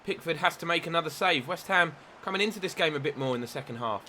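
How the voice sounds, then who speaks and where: A young man giving excitable play-by-play commentary on his own football video game match, with asides about his tactics. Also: a little high, fast. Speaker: gaming YouTuber.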